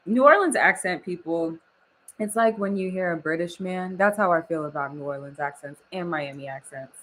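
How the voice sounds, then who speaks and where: A woman's voice: sits low, normal speed, fairly bright tone, slight background noise, rough recording. A young woman from Oklahoma chatting casually on a live stream, laughing often and reading the chat aloud. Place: home studio.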